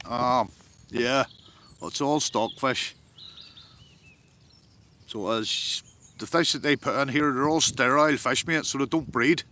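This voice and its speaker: A Northern Irish man chats loosely on a live stream from the side of a fishing lake, peppering his talk with swearing and replies to viewers. His voice is bright and forward, with a faint hum of outdoor sounds behind him. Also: mid-range voice, takes it slowly, pauses often. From Northern Ireland. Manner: chatty, swears a lot, answers viewers' comments. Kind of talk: casual live-stream chat.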